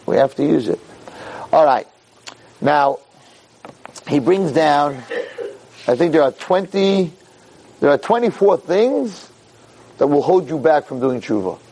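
A man giving a Torah class as an animated storyteller, peppering his talk with Hebrew terms and rising high for emphasis. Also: slow pace, long pauses, slight background noise, poor audio.

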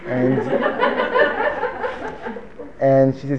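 A man's voice: medium pitch, steady tone, unhurried, long pauses, dark tone. A man teaching an informal Torah class to a live room, joking and digressive, often repeating himself. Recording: dull lo-fi recording with faint room noise.

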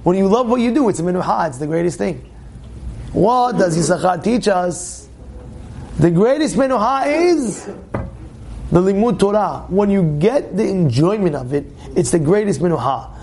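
A man teaching a lively Torah class as a rabbi, animated, often acting out other people's voices and restarting his phrases. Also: high-pitched, creaky. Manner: animated, acts out quoted voices, many quick restarts.

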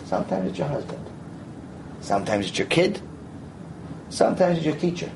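Man, Torah teacher, lecture with stories, high voice, animated, Hebrew terms. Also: moderate pace, background noise. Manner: animated, sprinkles in Hebrew terms and "you know". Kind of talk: lecture with storytelling.

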